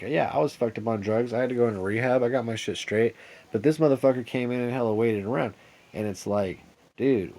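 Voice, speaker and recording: A man's voice: medium pitch, darkish tone. A man telling a rambling, profane story straight to camera in a vlog, agitated and paranoid, full of "dude" and "like" and restarts.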